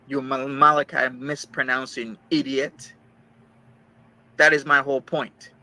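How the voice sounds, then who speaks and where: A man's voice: medium pitch, little pitch movement, a little slow, pushed and bright, rough recording. A man in a heated, profane rant, hurling insults and repeating his point. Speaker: streamer ranting about a rival.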